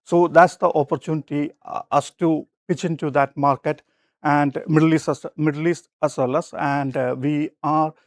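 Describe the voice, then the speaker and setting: A man whose first language is not English, giving a short, hesitant business pitch full of fillers as sales and IT manager. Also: fairly even intonation, normal speed, dry recording, studio quality. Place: festival lab presentation.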